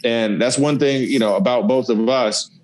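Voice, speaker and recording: A man's voice: medium pitch, moderate pace, low-quality recording. Playful man retelling football memories. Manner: excited, playful storyteller who acts out scenes. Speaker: guest, former college football lineman. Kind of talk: casual storytelling on a podcast.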